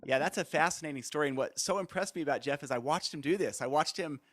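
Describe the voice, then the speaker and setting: Higher-voiced man host, off mic. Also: fast talker, fairly bright tone, a little hiss or hum. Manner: conversational questioning. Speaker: podcast host. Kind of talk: podcast interview.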